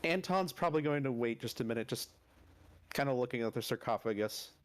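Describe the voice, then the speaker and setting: A man's voice: medium pitch, expressive, fairly quick. A man playing in a casual tabletop session over a voice call. He talks in an easygoing way, explaining what his character is doing. He swears lightly when a roll goes badly. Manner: easygoing, laughs and swears at bad rolls. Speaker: player. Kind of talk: casual chat during a tabletop game. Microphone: desk mic on voice call.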